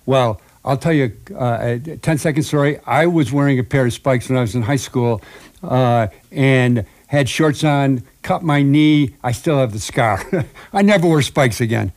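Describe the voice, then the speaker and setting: A man's voice: mid-range voice, moderate pace, darkish tone. Laughing man hosting local radio. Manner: jokey, laughs often. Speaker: radio host. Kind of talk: casual radio chat. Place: radio studio.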